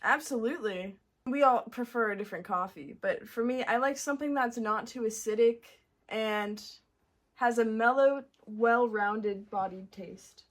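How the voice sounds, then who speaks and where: A young woman from Montreal, Canada, appears as a guest in a casual interview chat, talking easily about her favorite cafes. Her voice is fairly high-pitched and her pace a little slow.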